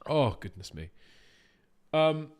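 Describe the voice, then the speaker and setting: A man's voice: on the high side, very animated, slow. A man, a voice actor, chatting casually with his stream viewers while playing a game, swearing freely as he answers their questions.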